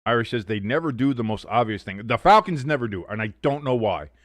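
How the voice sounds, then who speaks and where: A man hosting a live sports watch-along, talking through the plays, swearing freely and arguing loudly with the referees' calls. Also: mid-range voice, fairly quick, no echo. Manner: excitable, swears, argues with the referees.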